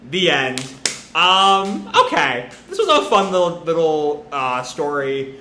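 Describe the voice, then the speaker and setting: Rambling man with a bright voice. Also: fairly high pitch, very animated, slow pace, slight background noise. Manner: rambling, filler-heavy. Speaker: comic reviewer. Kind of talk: casual live reading reaction. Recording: roomy echo.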